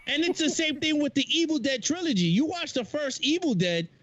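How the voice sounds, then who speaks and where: A man's voice: very high voice, fairly quick, muffled recording. A man chatting casually about movies on a video call, loose and rambling, acting out scenes and sound effects. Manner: animated, acts out movie lines and sounds; loose and rambling, with many restarts. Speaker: podcast guest.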